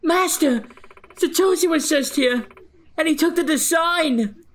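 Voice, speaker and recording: A man voicing a young woman tattoo apprentice in a raised falsetto. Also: unhurried, a bit bright. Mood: urgent. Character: young female tattoo apprentice, polite and earnest.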